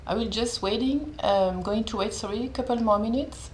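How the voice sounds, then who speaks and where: A woman with a French accent, hosting a live stream and chatting casually with viewers in a gentle way. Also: on the high side, normal speed, slight background noise. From France. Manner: gentle, checking in with viewers, switching languages. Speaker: host of a live meditation stream.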